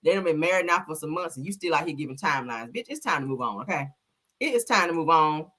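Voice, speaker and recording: A woman's voice: low-pitched, fast talker. A woman hosting a live stream, chatting casually and sassily with viewers, full of slang and laughter. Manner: sassy, animated, slangy, laughs often. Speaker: live-stream gossip host. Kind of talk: casual chat reacting to viewer comments.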